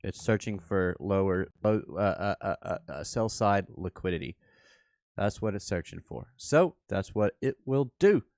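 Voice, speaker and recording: A man's voice: fairly low pitch, animated, creaky, darkish tone, dry recording, clean studio sound. A man hosting a trading workshop, walking through a livestreamed chart while thinking aloud and correcting himself as he goes. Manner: unhurried, thinks aloud, restarts and self-corrects.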